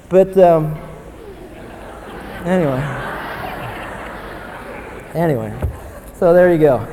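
A young man preaching a sermon, animated and swinging from low, quiet asides to loud, excited bursts. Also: unhurried, long pauses, slight background noise. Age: young adult. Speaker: pastor. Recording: long hall reverb.

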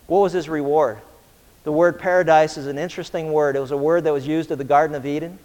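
A man with a high, bright voice preaches with passion, rising and falling as he drives each point home. His words ring out with a long reverb, as if he is filling a large hall. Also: fairly even intonation, fast talker. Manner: impassioned preaching, acting out voices of the thieves. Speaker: pastor. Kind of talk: sermon.

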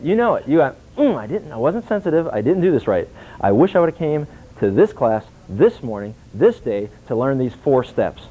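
Guy preaching a bible class, kinda high voice, acts out little scenes, sounds like a tinny phone line. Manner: animated, acts out dialogue, asks the audience questions. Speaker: pastor teaching a class. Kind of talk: sermon.

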